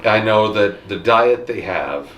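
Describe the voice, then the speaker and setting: Animated man chatting in an echoey room. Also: slow, a little hiss or hum. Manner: animated, jokey, swings pitch widely. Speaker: podcast co-host. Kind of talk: casual chat.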